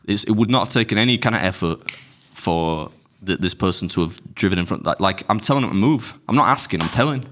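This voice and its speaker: A man's voice: fairly low pitch, animated, fast, few pauses, fairly bright tone, slight background noise. A man, co-hosting a casual podcast, ranting with indignation about people who inconvenience others. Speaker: podcast co-host. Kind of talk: casual chat.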